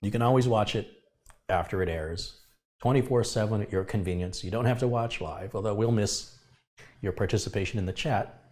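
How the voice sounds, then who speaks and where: A middle-aged tech host from the United States, with a fairly low, darkish voice and a slightly quick pace, leads a live review stream, chatting with viewers by name and tossing out wry comments.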